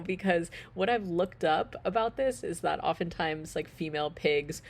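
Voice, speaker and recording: A young woman vlogging outdoors on a farm, talking to the camera and cooing in high baby talk to her pigs. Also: normal speed, hardly any pauses. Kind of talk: casual vlog talk to pets and camera. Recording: outdoor noise and animal sounds behind.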